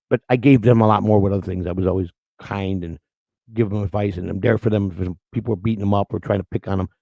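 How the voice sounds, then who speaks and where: Gravelly fast-talking man. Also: lowish voice, darkish tone, no echo. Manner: rambling, storytelling, crude and emotional. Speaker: livestream host. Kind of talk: casual chat with the live chat.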